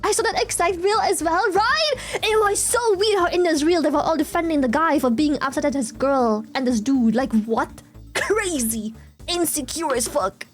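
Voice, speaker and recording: High-voiced woman ranting on stream. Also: moderate pace, soft background music. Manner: animated ranting, swears freely, reacts to chat. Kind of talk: casual live-stream chat.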